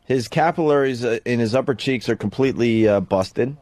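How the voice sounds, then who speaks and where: A man's voice: mid-range voice, a little fast, a little mellow, no room sound. A man hosting a radio talk show, joking and rambling with false starts. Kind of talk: casual radio banter.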